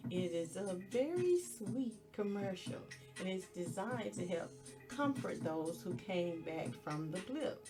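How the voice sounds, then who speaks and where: Woman podcast host; expressive, playful recap delivery, slow pace, mid-range voice. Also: mid-range voice, over music. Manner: chatty and expressive, with playful asides. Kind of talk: casual TV episode recap.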